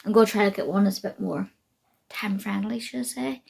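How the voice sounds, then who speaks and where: Chatty woman with vocal fry. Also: mid-range voice, fairly even intonation, a little fast, a little mellow. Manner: rambling, self-deprecating, many fillers. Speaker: beauty vlogger. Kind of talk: casual vlog chat. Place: at home.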